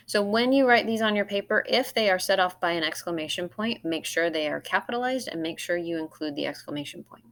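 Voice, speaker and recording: A woman's voice: fairly low pitch, animated, fairly quick, a bit bright. A middle-aged woman teacher giving a recorded grammar lesson over slides, explaining step by step in a friendly way. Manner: friendly, explaining step by step with acted example lines.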